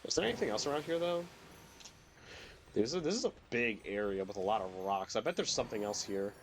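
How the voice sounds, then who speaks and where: A man's voice: medium pitch, expressive, a little fast, slight background noise. A young man streaming a video game while sick, rambling casually with lots of fillers and the odd swear, his voice cracking at times. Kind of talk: casual gameplay commentary.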